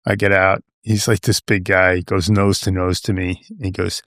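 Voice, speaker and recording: In clean studio sound with no echo, a man in his seventies from Long Island, New York, tells a casual, rambling story as a podcast guest. He has a deep, slightly bright voice, a flat delivery and a normal speed, and he says "you know" and "right?" throughout.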